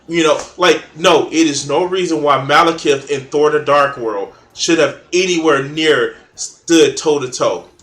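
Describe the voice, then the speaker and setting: A man's voice: a little high, measured pace, hardly any pauses, a bit bright, roomy sound. A man in casual chat, blunt and opinionated, swearing freely while arguing about comics.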